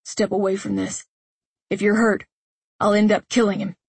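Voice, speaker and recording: A woman's voice: medium pitch, little pitch movement, normal speed, a little mellow, husky, no echo. A woman voicing an angry, protective young man who gives hard, clipped orders. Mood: cold commanding.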